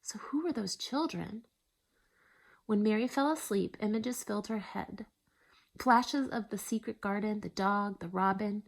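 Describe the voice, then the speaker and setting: A woman reading a children's novel aloud, expressive, with soft hushed asides. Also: medium pitch, a little slow, vocal fry. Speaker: storyteller. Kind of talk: storybook reading.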